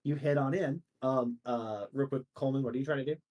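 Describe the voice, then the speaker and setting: A man narrating as game master of a tabletop role-playing game, laughing often between quick asides. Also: mid-range voice, steady tone, a little mellow.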